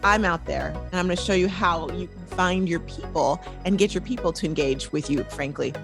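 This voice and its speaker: A woman hosting a podcast, chatting casually and playfully, with quick asides. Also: lowish voice, gravelly, over music. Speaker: podcast host.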